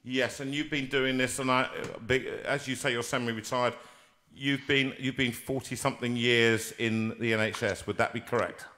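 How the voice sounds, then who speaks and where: Jovial, bright-toned male host. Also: mid-range voice, moderate pace. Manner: jovial, teasing, animated. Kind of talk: live-streamed chat with a guest.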